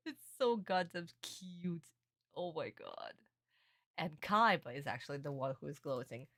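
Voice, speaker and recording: Woman streamer, casual reaction commentary, animated and affectionate, lowish voice, dry close mic. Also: unhurried, no echo. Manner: animated, affectionate, calls viewers darlings.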